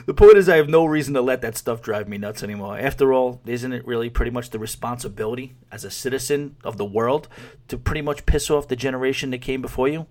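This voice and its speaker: A man's voice: medium pitch, brisk, darkish tone. Amused rambling man hosting a podcast. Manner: rambling, amused, laughs while talking, trails off. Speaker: podcast host. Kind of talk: casual podcast chat.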